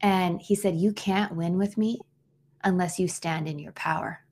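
Woman, thirties, lowish voice, earnest storyteller, casual podcast chat, frequent restarts. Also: steady tone, measured pace, a little mellow. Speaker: podcast co-host. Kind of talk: casual heartfelt conversation.

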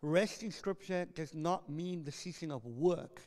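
A male pastor delivering an impassioned sermon, building to loud proclamations as he reads scripture aloud. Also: a little high, unhurried. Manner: impassioned preaching, rising to loud proclamations when reading scripture. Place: church hall. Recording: long reverb of a church hall.

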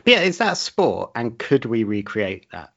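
A man's voice: medium pitch, very animated, normal speed, gravelly, fairly bright tone. A man co-hosting a podcast in casual chat, teasing and dry, laughing often. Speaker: podcast co-host. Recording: dull lo-fi sound.

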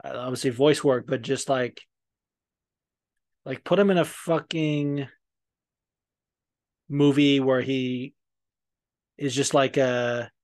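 A man's voice: mid-range voice, steady tone, slow, pauses often, darkish tone. A man hosting a podcast in casual chat, rambling and profane, with lots of fillers and restarts. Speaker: podcast host.

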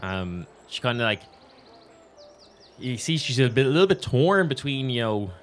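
A man's voice: mid-range voice, very animated, normal speed, faint music behind. A man narrating as game master of a tabletop game, casual and rambling with many fillers.

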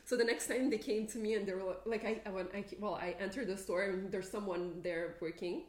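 A woman's voice: medium pitch, a little fast. A young woman co-hosting a podcast, telling stories in casual chat and acting out what people said to her. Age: young adult. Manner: animated storytelling, acts out quoted people with laughter. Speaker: podcast co-host. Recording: roomy echo.

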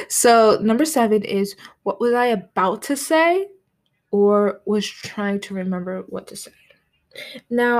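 Chatty teenage girl rambling on a podcast. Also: mid-range voice. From United States. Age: late teens. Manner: rambling, heavy on filler "like". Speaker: podcast host. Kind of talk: casual solo podcast talk. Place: at her desk at home.

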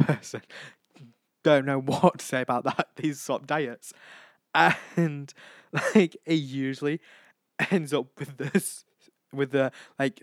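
A man's voice: mid-range voice, no room sound. A young man rambles through a casual solo chat, giggling and saying sorry as he goes. His voice sits in a middle register and is recorded dry and close, with no room sound. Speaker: podcast host. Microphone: home microphone.

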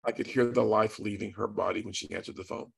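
Gravelly man telling his testimony. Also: lowish voice, steady tone, quick pace. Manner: earnest, dramatic retelling with quoted dialogue. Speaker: guest speaker. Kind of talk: storytelling testimony.

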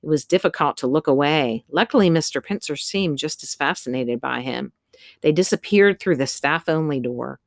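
A woman narrating a children's storybook with steady storytelling. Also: sits low, moderate pace, gravelly, no room sound, studio quality. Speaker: audiobook narrator. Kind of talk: scripted narration.

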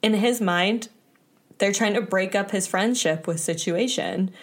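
A young adult woman hosting a casual podcast, retelling scenes with lively quoted voices. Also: measured pace. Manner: animated retelling, quotes people in jumpy high voices. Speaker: podcast host. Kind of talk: casual recap chat.

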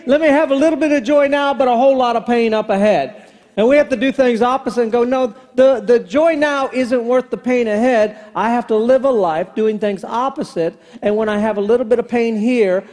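Preaching a sermon in a large church hall, a pastor in his fifties tells a family story and performs the dialogue. His voice is very high-pitched with a darkish tone, echoing in the sanctuary's long reverb.

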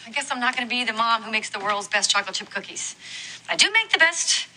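A woman's voice: a little high, animated, fast, sharp tone, heavily acted. An actress playing an earnest, driven young woman who is proud of her cooking, sounding a little self-pitying. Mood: defeated. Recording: noisy played TV clip.

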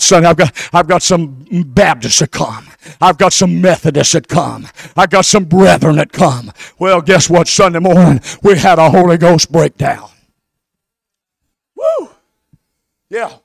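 High-pitched shouting preacher man. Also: vocal fry, no echo. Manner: preaches in shouted, rhythmic repeated phrases with whoops. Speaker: pastor. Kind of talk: Pentecostal sermon and prayer.

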